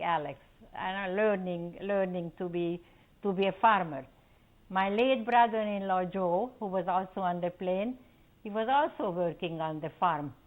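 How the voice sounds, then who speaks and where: A woman's voice: medium pitch, low-quality recording. An older woman from Czechoslovakia telling her family's story in an oral history interview, acting out what people said. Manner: animated storytelling, acting out quoted voices.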